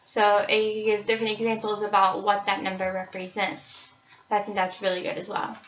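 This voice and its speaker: A woman's voice: mid-range voice, completely flat delivery, moderate pace, fairly bright tone, far from the mic, a little hiss or hum. A young woman casually presenting children's books, with frequent ums. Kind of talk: book review presentation. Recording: roomy, slightly dull recording.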